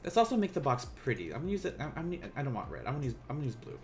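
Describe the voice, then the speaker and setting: A man teaching a casual live-streamed Japanese lesson, joking with viewers and slowing down to pronounce each word. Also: medium pitch, big pitch swings, a little mellow, faint music behind. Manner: playful, laughs and teases chat viewers; slows down to pronounce Japanese words.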